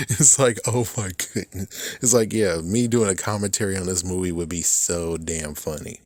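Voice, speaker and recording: A young man talking casually about a movie he watched, animated and loose, swearing often and laughing at his own jokes. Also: on the low side, fairly quick, no echo. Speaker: movie commentary vlogger. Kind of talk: casual rambling movie talk.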